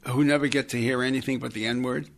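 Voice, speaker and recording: A man's voice: medium pitch, fairly even intonation, quick pace, gravelly. A man co-hosting a podcast, chatting casually with dry joking asides. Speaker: podcast co-host.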